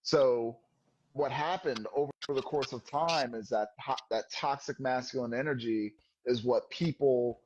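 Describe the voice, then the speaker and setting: Man, mid-pitched voice, reflective, lecturing, casual podcast chat, dull lo-fi sound. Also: a little slow, darkish tone, a little hiss or hum. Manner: reflective, lecturing, spiritual talk.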